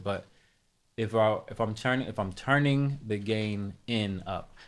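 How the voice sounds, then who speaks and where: Low-voiced man thinking aloud on stream. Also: fairly bright tone. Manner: casual, thinking aloud, self-correcting, talks to chat. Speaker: music production streamer. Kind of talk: live tutorial chat.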